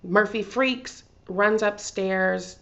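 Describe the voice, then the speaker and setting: A woman chatting excitedly through a TV episode recap, full of fillers and gushing asides. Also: mid-range voice, drawn-out words, lo-fi sound. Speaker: TV recap vlogger. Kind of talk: casual TV recap.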